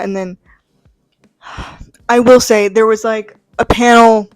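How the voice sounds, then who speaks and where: A young adult woman with a mid-range voice breaks down a comic book casually, her pitch barely moving and her pace measured. She's enthusiastic and chatty, rambling and peppering her talk with fillers and "like." No room sound is audible.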